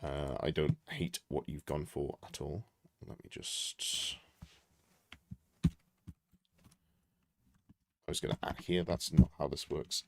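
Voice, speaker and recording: A man's voice: very deep voice, steady tone, takes it slowly, creaky, pauses often. A man reviewing a tabletop army list on a live stream, thinking aloud, correcting himself and chatting to viewers. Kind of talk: casual live-stream commentary.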